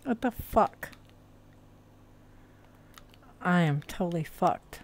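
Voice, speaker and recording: A woman streamer in a VR headset chats with her viewers at an unhurried, drawn-out pace. She mutters and swears to herself while sorting out her setup, then brightens up to greet her chat. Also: fairly low pitch, expressive. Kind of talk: casual live-stream chat.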